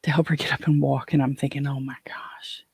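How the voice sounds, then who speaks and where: A man's voice: mid-range voice, little pitch movement, brisk, creaky, breathy edge, dry recording. An older man hosting his own show, telling a personal story in a rambling way, with frequent restarts and fillers. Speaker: podcast host.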